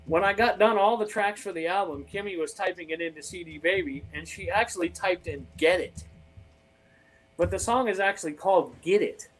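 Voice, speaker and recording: A man from Maine whose accent has taken on a Southern drawl, a guest guitarist talking folksy and animated in a casual interview. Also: high-pitched, fast, few pauses, poor audio. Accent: Southern drawl over a Maine accent. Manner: folksy and animated, calls people brother and man.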